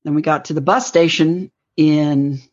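A woman's voice: deep voice, fairly even intonation, measured pace. A woman telling a rambling personal story in an interview, acting out the lines she quotes. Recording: dull lo-fi recording.

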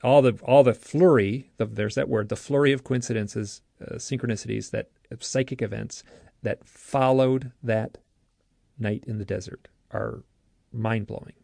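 Gravelly-voiced man telling an earnest story. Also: medium pitch, moderate pace, no echo, clean studio sound. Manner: earnest, lively, self-interrupting. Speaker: author and guest. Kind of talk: animated storytelling.

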